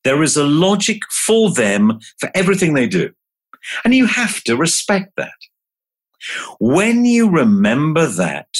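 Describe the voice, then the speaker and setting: A man on a podcast as a guest communication trainer, speaking slowly and emphatically as he coaches and guides a hypnosis. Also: medium pitch, breathy edge. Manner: slow, emphatic, coaching delivery.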